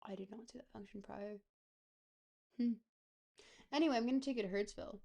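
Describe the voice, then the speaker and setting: A woman giving casual, playful gameplay commentary as a streamer, thinking out loud as she goes. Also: mid-range voice, brisk, gravelly, highs cut off. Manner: playful, thinks aloud, chatty.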